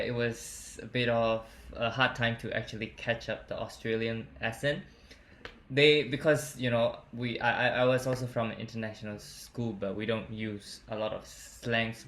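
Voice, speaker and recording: A man talking as a guest on an online panel, animated, with his voice jumping up when he quotes and laughs. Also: echoey room, slight background noise. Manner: animated, jumps high when quoting and laughing. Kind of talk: casual chat.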